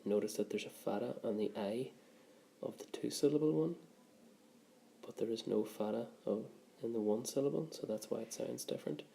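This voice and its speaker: A man's voice: mid-range voice, normal speed, vocal fry, warm tone, slight background noise. A man who teaches a grammar lesson patiently, step by step, often checking in with "okay". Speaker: Irish language teacher.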